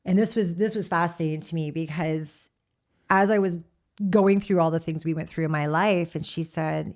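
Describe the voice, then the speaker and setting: Lady in her 30s telling her testimony, lowish gravelly voice, acts out the quotes. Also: normal speed, a little mellow. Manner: candid storyteller who quotes herself and laughs often. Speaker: church member giving her testimony. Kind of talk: personal testimony interview.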